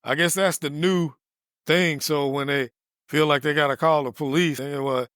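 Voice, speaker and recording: A man's voice: fairly high pitch, fairly even intonation, moderate pace, fairly bright tone, smooth, dry recording, studio quality. A man co-hosting a podcast, retelling a customer service run-in in casual chat and acting out both sides. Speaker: podcast co-host.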